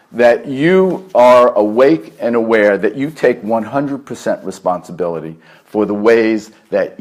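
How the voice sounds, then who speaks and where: A man's voice: medium pitch, darkish tone. Earnest man with a New York accent. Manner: earnest, deliberate, stacks repeated phrases with fillers. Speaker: therapist giving a talk. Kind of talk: lecture to a meditation group. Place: meditation center hall.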